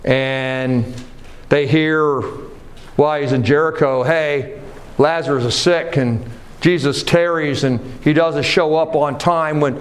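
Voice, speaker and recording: A man preaching a sermon, moving from low earnest talk to loud rising exhortation. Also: fairly even intonation, slow pace. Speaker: pastor.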